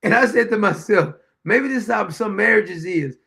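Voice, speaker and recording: A man in his fifties hosts a show, delivering folksy anecdotes in a casual monologue, chuckling often and repeating phrases for emphasis. His voice sits high and is expressive, gravelly, bright and forceful, at a moderate pace.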